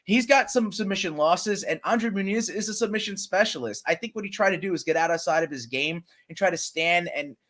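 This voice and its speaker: A man co-hosts a casual podcast chat with a high, bright voice. He rambles along with fillers and restarts, calling his partner brother and man. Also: fairly quick, few pauses. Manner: chummy, calls his co-host brother and man. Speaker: podcast co-host. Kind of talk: casual sports betting chat.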